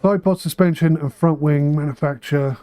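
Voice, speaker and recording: A man's voice: fairly high pitch, steady tone, moderate pace, mellow, no room sound. A man streaming a management game for charity, thinking aloud with dry asides and a slightly tickly throat. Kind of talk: casual charity livestream commentary.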